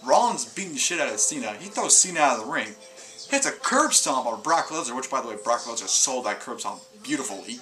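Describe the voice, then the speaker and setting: A man's voice: medium pitch, big pitch swings, a little fast, bright, forceful tone, faint music behind, rough recording. A man giving a casual video review of a wrestling show, rambling through his recap with lots of fillers and restarts. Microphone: camera mic.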